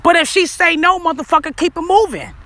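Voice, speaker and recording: A woman's voice: very high voice, expressive, fairly quick, fairly bright tone. A woman delivering a blunt, profane rant to camera, lecturing the listener directly. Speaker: vlogger. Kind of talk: ranting commentary to camera.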